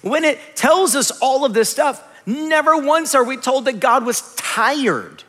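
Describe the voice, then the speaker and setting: A man in his thirties preaching a sermon as a pastor, telling stories in a lively, conversational way with quick asides. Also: very high-pitched. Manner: animated, conversational storytelling with rapid asides. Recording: long hall reverb.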